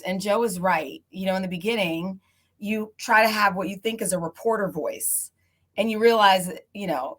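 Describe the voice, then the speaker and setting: A middle-aged woman, a TV news anchor, moderating a panel and telling stories in a chatty, animated way. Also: on the low side. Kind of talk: casual panel discussion.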